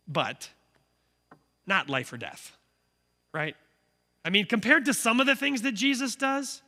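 A man's voice: high voice, sharp tone. A man in his thirties preaching a sermon as a pastor, conversational and earnest, often checking in with "right?". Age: 30s. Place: church sanctuary. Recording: echoey church hall.

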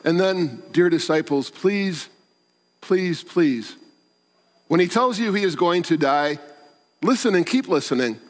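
A man's voice: fairly high pitch, expressive, moderate pace. A man preaching a sermon as pastor, earnest and pleading, repeating words for emphasis. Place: church. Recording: long church reverb.

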